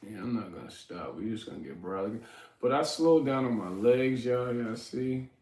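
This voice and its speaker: A man's voice: medium pitch, lively intonation, moderate pace, a little mellow, echoey room, far from the mic. Joking man livestreaming from his kitchen. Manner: loose, joking, reads and answers chat. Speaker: livestream host. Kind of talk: casual livestream chat while cooking. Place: home kitchen.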